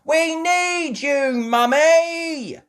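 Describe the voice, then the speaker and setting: A woman voicing an excited little girl piglet who squeals and exclaims loudly. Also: sits high, extremely slow, voice pushed up.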